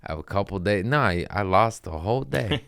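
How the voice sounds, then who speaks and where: A man's voice: on the low side, animated, a little fast, creaky, a bit bright, clear, resonant tone, dry recording, clean studio sound. A young man and comedian telling rambling, profane stories on a casual podcast, saying bro a lot.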